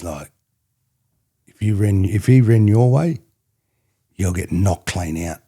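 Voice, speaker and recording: Speaking slowly in a low, husky, dark voice, a middle-aged former rugby player from rural New South Wales rambles through casual, reflective stories as a podcast guest. His Australian accent is clear, and he keeps returning to "you know what I mean" in the easygoing chat.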